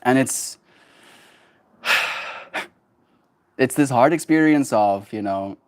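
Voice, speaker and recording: A young man in his twenties talks to his stream in an animated, emphatic way. He tells a story and laughs often. His pitch sits in an ordinary middle range. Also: slow pace. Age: 20s. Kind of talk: casual livestream storytelling.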